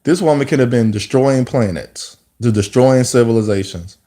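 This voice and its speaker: A man's voice: mid-range voice, normal speed, mellow. Preachy man talking with emphatic repetition. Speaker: speaker giving commentary. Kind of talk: impassioned monologue.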